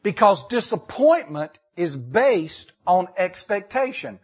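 A man preaching a sermon, reading scripture and repeating key lines emphatically with dramatic pauses. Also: high voice, animated, slightly rough. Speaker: pastor.

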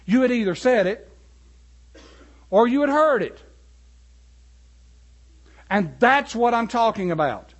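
High-voiced animated preacher man. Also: takes it slowly, pauses often, highs cut off. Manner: animated, rises to emphatic peaks. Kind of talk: sermon.

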